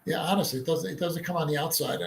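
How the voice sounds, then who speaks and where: A man's voice: a little high, quick pace, gravelly, a little hiss or hum. A man hosting a live online radio show, chatting casually and reading listener comments aloud with frequent laughter.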